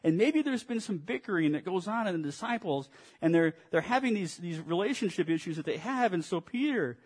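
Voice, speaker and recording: A man's voice: sits high, expressive, a little fast, slightly rough. A male pastor preaching a morning sermon, retelling scripture in a storytelling way with touches of dry sarcasm.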